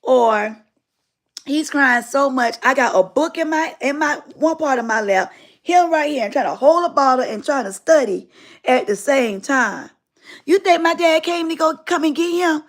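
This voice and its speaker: A middle-aged woman with a high voice tells a personal story on her live stream. She talks in a casual, colloquial way and leans hard on her emphasis. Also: expressive, normal speed.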